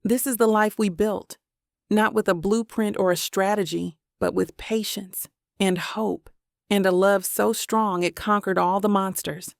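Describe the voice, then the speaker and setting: A woman narrating a first-person romance audiobook in a warm, emotional storytelling manner. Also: medium pitch, fairly even intonation, a little slow, creaky, dry recording, clean studio sound.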